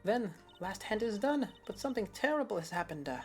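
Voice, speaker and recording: A woman's voice: medium pitch, expressive, a little fast, soft background music, voice pushed up, lightly acted. A woman voicing a blunt foreign woman witness who speaks broken English. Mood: deadpan.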